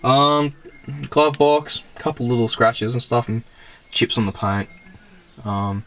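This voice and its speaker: A man's voice: mid-range voice, takes it slowly, fairly bright tone. A young Australian man, a car channel host, chatting casually and rambling as he shows off a classic car, filming from inside it on a handheld camera. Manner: rambling and chatty, loses words, laughs often. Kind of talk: casual car walkaround vlog. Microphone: handheld camera mic.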